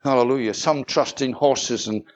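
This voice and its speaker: A man preaching a sermon, moving from measured storytelling to fervent, rising proclamation with calls of hallelujah. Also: medium pitch, steady tone.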